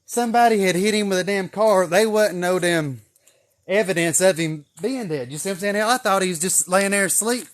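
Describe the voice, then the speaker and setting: A young male vlogger with a high voice tells a rambling story at a brisk pace. He curses a lot and keeps laughing at himself, keeping the whole thing casual and animated.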